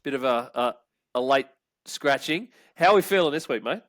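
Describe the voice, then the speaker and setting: A man's voice: mid-range voice, expressive, normal speed, a bit bright, no room sound. Laid-back Australian man hosting a podcast. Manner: loose, rambling, swears and laughs freely. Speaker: podcast host. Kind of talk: casual podcast chat.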